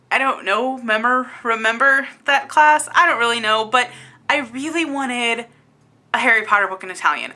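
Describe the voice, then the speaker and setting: A young woman with a bright, fairly high voice, talking in a chatty, excitable way with plenty of fillers as she walks through a book tag. She sounds like she's speaking to a camera at home. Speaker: book vlogger. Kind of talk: casual book tag video.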